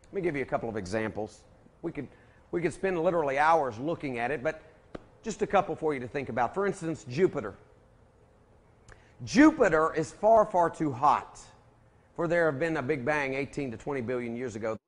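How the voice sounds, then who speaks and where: A man's voice: medium pitch, animated, a little fast. A man giving a preacher-like lecture to an audience, folksy and emphatic, calling his listeners folks.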